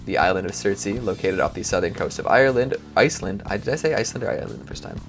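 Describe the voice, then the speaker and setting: Male host, bouncy animated delivery, goofy and self-mocking, faint guitar music behind. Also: fairly low pitch, rapid-fire. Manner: joking, self-mocking, rambling. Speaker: host of a countdown video channel. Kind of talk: casual outro and blooper chatter. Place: bedroom at home. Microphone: lavalier microphone.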